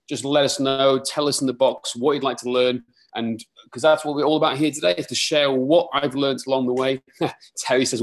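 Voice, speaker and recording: Male, 30s, British with a Welsh twang, friendly webinar host, mid-pitched and upbeat. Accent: Welsh-tinged British. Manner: upbeat, chatty, reading out viewer comments. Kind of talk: live webinar chat.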